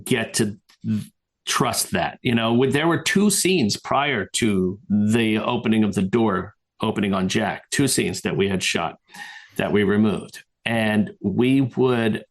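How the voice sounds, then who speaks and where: Gravelly low-voiced man telling a story. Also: slow pace. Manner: rambling, retells scenes with many restarts. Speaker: guest filmmaker. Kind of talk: casual interview storytelling.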